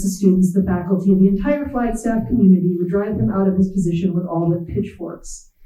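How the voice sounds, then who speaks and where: Writer reading aloud, wry and measured, mellow voice, echoey hall, heard from afar. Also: mid-range voice, distant mic. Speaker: visiting writer. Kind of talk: literary reading in second person.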